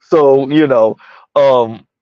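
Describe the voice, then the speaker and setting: A man's voice: medium pitch, very slow, clear, resonant tone, no echo, highs cut off. A man doing casual, rambling commentary on a live stream, reading out chat messages as he goes. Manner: rambling, conversational, reads chat aloud.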